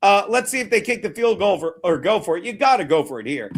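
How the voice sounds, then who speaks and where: Brief: brash, profane male streamer, high voice, rambling play calls and chat banter. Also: big pitch swings, fast, slight background noise. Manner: profane, rambling, mutters while fiddling with browser; brash and mocking. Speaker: streamer hosting a betting watchalong. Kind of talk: live-stream commentary and chat.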